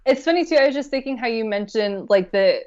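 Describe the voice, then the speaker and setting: Relaxed woman guest on a lo-fi line. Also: a little high, fast. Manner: relaxed, thinks aloud with fillers and laughs. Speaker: podcast guest. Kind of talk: casual film discussion.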